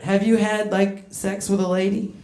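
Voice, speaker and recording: A woman's voice: mid-range voice, little pitch movement, normal speed, darkish tone, echoey room. A woman doing a stand-up comedy set in a club, brash and crude, working the crowd and laughing between her lines.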